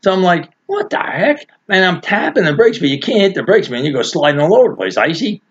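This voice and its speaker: A man's voice: a little high, very animated, fast talker, slightly rough. An older man telling a rambling, chuckling anecdote in a casual, folksy way. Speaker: storyteller. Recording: dull lo-fi recording.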